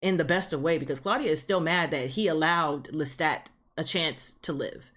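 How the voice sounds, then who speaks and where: A woman's voice: low-pitched, normal speed, fairly bright tone. A woman hosting her reaction channel, chatting casually through an episode recap with lots of fillers and repeated phrases.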